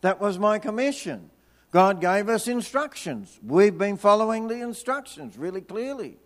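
A man preaching a sermon, telling a personal story with energy, then dropping into hushed, slow prayer. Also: high voice, big pitch swings. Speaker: pastor.

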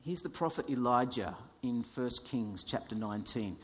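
A man preaching a sermon, dramatic in delivery, dropping from loud to whispers, with light self-deprecating humor. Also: medium pitch, animated, normal speed, big-room sound. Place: church.

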